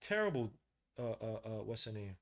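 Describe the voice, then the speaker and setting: A man, hosting a podcast and giving live, slangy commentary while watching a basketball game, getting loud at big plays. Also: on the low side, very animated, normal speed. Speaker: podcast host.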